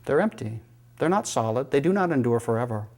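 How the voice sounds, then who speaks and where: Calm, mid-pitched male yoga teacher, reflective lecture. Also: brisk. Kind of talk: spiritual lecture.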